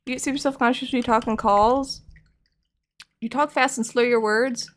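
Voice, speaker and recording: Young woman, slight lisp, casual rambling chat, a little high-pitched, streaming at her desk. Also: fairly even intonation, moderate pace. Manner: chatty, self-deprecating, trails off while working. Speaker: streamer painting figures.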